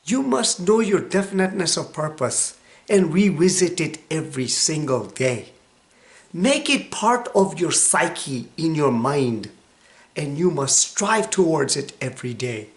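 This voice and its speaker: Hoarse, slow-talking man in his sixties. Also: a little high, big pitch swings. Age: 60s. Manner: emphatic preaching, dropping to a hushed whisper for stress. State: hoarse from a cold. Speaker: motivational vlogger. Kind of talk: motivational self-help talk.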